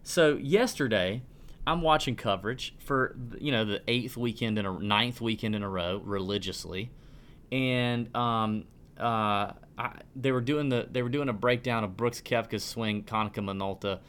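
A man's voice: lowish voice, moderate pace, fairly bright tone, clean tone. A man in his thirties hosting a casual podcast, ranting with lots of restarts and stumbles. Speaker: podcast host.

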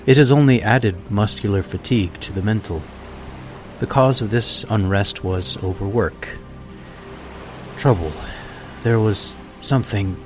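A man voicing a weary, sleepless, despairing man in a storybook reading, speaking slowly and broodingly. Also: on the low side, soft background music, close to an everyday voice. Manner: slow, weary, brooding speech.

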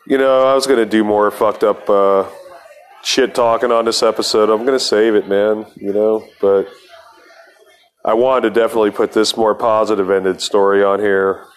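A podcast host tells a rambling, profane story as a casual monologue, laughing between lines. His voice is lowish, with slight background noise.

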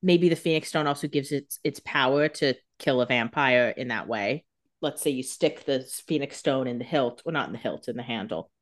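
A woman's voice: very deep voice, normal speed. A woman co-hosting a podcast, joking and blunt in casual banter. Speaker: podcast co-host.

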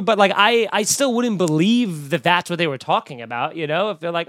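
A man hosting a casual podcast, telling stories and acting out quoted voices in an animated way. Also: fairly high pitch, fairly quick, few pauses, no echo, clean studio sound. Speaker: podcast host. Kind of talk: casual chat. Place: home room.

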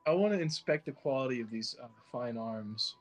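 A man's voice: mid-range voice, animated, soft background music. A man playing a tabletop game, joking playfully with his friends. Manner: playful, quick to joke. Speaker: player.

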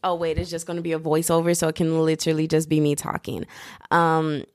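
A young woman hosts her own podcast from home and talks in a loose, bubbly, joking ramble full of slang. Her voice sits a little low for a woman. The sound is dry and close, with no room echo. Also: completely flat delivery, a little fast, clear, resonant tone. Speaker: podcast host. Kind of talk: casual solo podcast chat. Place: indoors, at home.

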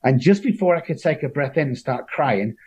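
A man tells his personal story as an interview guest. His voice sits at a middle pitch and has a husky, breathy grain. He speaks earnestly, with emotion running under the words. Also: expressive, brisk, darkish tone.

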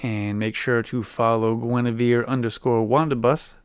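A man's voice: mid-range voice, level tone, normal speed, smooth, dry recording. A man hosting a podcast, chatting casually and joking with his wife. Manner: joking, playful. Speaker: podcast host. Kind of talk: casual chat.

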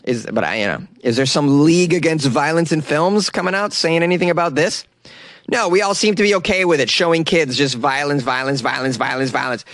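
A man's voice: a little high, fairly quick, a bit bright, no room sound, clean studio sound. Sarcastic American man riffing on news. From United States. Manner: sarcastic, laughs often, reads out news and riffs on it. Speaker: news commentary host. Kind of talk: casual news commentary.

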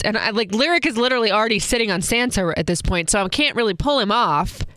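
A woman's voice: medium pitch, animated, fast talker, sharp tone, no room sound. A young adult woman and mother telling a casual storytime, chatty with wry asides and acted-out quotes. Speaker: vlogger, mother.

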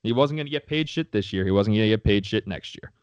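A man's voice: lowish voice, animated, fast, smooth, no echo. Profane, fired-up sports podcast man. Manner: profane, heated ranting. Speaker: podcast co-host. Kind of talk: casual sports chat. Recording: dry, slightly dull sound.

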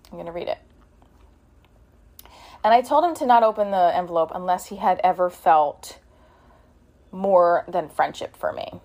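A woman's voice: lowish voice, darkish tone. A young woman frankly recounting a painful relationship, heated and swearing, with many restarts. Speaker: vlogger telling about a relationship. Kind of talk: emotional personal storytelling.

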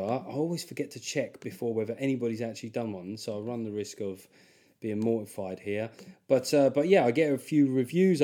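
A man's voice: mid-range voice, dark tone. A man with a South London accent hosting his podcast, rambling, self-deprecating and jokey. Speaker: podcast host. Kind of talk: casual monologue.

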